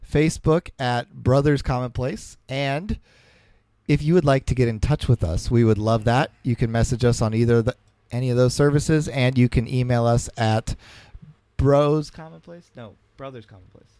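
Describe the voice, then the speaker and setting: Deadpan podcast guy doing the outro. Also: mid-range voice, moderate pace, clean tone, no echo. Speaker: podcast co-host. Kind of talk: podcast outro read with jokes.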